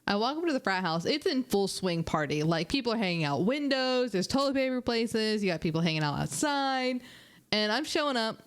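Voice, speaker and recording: A young woman streamer casually telling animated, chatty stories to her viewers, laughing and swearing along the way. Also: on the high side, fairly quick, smooth. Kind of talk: casual storytelling.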